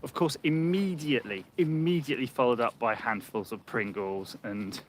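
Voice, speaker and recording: This livestream host talks in a mid-range voice at normal speed while walking along a muddy path outdoors with a handheld phone. The live chat is casual and rambling, full of laughter, with slight background noise.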